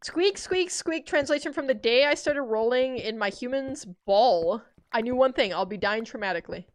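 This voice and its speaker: A woman voicing a small pet hamster that squeaks and then deadpans about its grim fate. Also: normal speed, a little hiss or hum, natural voice. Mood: gloomy.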